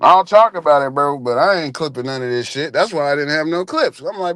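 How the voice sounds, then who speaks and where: Animated, high-voiced male streamer. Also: a little fast, hardly any pauses, no room sound. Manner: animated, profane, laughing often. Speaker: live stream host. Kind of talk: casual storytelling to a live audience.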